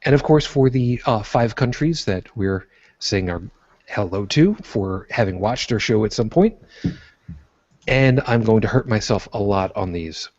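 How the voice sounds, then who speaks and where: A man's voice: on the low side, unhurried, a little mellow, dull audio. A man co-hosting a podcast in casual chat, self-deprecating and apologetic. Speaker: podcast co-host.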